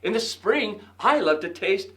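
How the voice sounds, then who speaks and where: A man's voice: high-pitched, very animated, a little slow, bright, forceful tone, pitched above the performer's own voice, heavily acted. A man voicing a small, friendly, encouraging mouse in a read-aloud storybook. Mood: upbeat.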